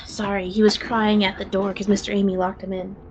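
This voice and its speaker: A woman's voice: mid-range voice, flat delivery, moderate pace, slight background noise, low-quality recording. A woman narrating as game master of a tabletop game in a casual way, swearing freely as she sets scenes.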